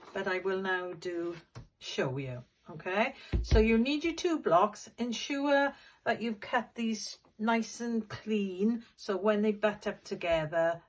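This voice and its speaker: A woman's voice: medium pitch, muffled recording, slight background noise. A middle-aged woman giving a patient, step-by-step sewing demonstration as a quilting teacher. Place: sewing room at a machine.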